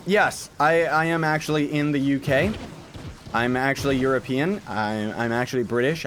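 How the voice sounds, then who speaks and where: A man streaming gameplay live, joking at his own expense and reacting aloud to chat messages. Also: medium pitch. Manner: jokey, self-mocking, reacts aloud to chat. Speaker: gaming streamer.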